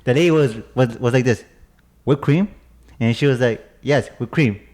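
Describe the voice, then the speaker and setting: A man's voice: mid-range voice, a little mellow. A man telling a story in a casual chat with friends, stopping and restarting often. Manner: halting storyteller, many restarts.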